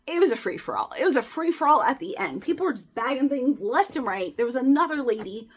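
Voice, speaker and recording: As she sorts and resells clothing, a woman chats casually and rambles, sometimes dropping into whispered asides. Her high, sing-song voice is slightly rough, and she talks fast.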